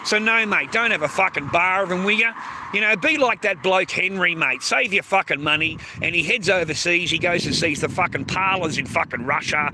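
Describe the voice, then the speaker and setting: A high-voiced Australian man rants straight at his viewers, swearing freely and repeating himself, with a steady stream of mates and bros. He records outdoors or on the move, and loud traffic noise runs under his voice throughout. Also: fairly quick. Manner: heavy swearing, repetitive, keeps calling listeners mate and bro. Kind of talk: ranting monologue to viewers.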